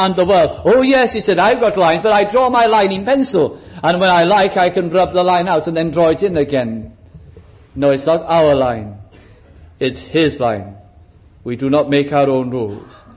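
A man's voice: high voice, low-quality recording. A man preaching a sermon, dramatic, shifting his pace and acting out quotes for emphasis.

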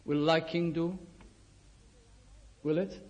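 A male preacher delivering a sermon in a conversational way, peppered with rhetorical questions, often dropping to a hush. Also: fairly high pitch, fairly even intonation, slow, dull audio.

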